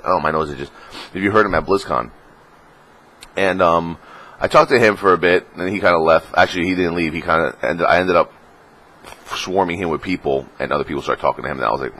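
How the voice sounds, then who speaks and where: A young man telling a profane, excitable story about a gaming convention in a casual vlog. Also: fast talker. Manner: excitable, profane, acts out quotes in a high voice. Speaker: gaming vlogger.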